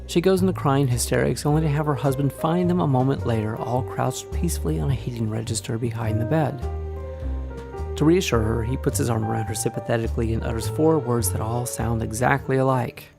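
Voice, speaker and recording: A man from Indiana narrating a scripted writing lesson, explaining clearly and deliberately with examples. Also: mid-range voice, over music. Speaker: writing instructor.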